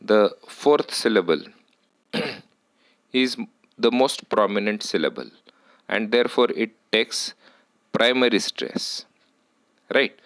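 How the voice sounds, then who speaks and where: A man teaching a lesson on word stress, speaking deliberately, repeating words and correcting himself as he goes. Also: lowish voice, expressive, a bit bright, no room sound.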